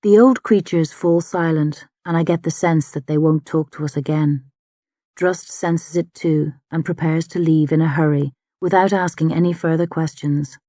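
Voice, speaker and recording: Low-voiced woman reading an audiobook. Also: steady tone, normal speed, dark tone, no room sound. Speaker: audiobook narrator. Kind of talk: first-person audiobook narration.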